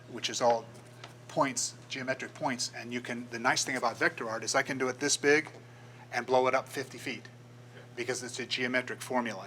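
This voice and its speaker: A man's voice: medium pitch, sharp tone, a little hiss or hum, poor audio. An older man, a graphic designer, giving a casual talk to a club and acting out the voices in his stories. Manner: storytelling, acts out quoted voices. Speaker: guest speaker, graphic designer. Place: meeting room.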